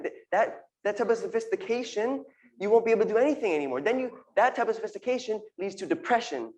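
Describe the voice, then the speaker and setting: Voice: mid-range voice, darkish tone, low-quality recording. A speaker giving an earnest, informal sermon talk to a congregation, repeating phrases and using Hebrew terms. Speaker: congregation member giving a drash.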